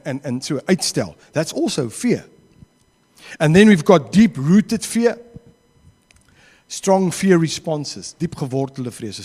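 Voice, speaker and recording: A man's voice: fairly high pitch, big-room sound. A man with a South African accent preaching a sermon in a church, acting out the quotes he tells. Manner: animated, acts out quotes.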